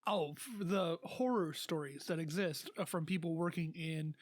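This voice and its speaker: A man's voice: fairly high pitch, moderate pace, dry recording. Man, podcast co-host, casual chat, profane, hesitant, dry recording.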